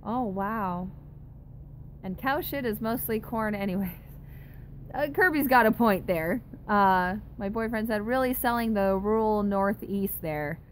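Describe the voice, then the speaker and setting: A woman's voice: mid-range voice, unhurried, a little hiss or hum. A young woman chatting casually on a live stream, reading comments aloud and reacting with giggly, exaggerated disgust. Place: home in a dry desert city.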